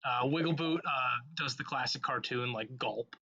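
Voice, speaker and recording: A man's voice: medium pitch, steady tone, normal speed, sharp tone, highs cut off. A man playing a tabletop game, taking his turn in a jokey, laid-back way and asking the game master rule questions. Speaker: player. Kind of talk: casual tabletop play.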